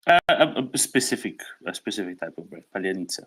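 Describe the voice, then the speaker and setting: A man's voice: low-pitched, sing-song, brisk, fairly bright tone, husky, rough recording. A man on a panel who explains languages in a precise, explanatory way. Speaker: panel speaker.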